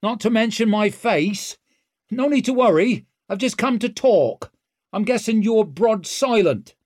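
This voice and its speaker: A man's voice: sits high, expressive, unhurried, a little mellow, no room sound, clean studio sound, voice pushed up. A man voicing a brash, sly young woman leader who talks with cheeky mock-innocence. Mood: cocky.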